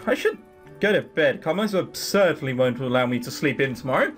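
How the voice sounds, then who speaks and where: Man reading a weary young maid in a game, quiet musing, lively pitch. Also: a little fast, soft background music, lightly acted. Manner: tired, musing to herself. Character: weary young servant girl, hopeful and curious.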